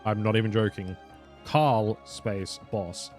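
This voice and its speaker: A man's voice: lowish voice, slow, a little mellow, faint music behind. A young man casually commenting on his own game stream, rambling, correcting himself, swearing and laughing now and then. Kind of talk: casual live gameplay commentary.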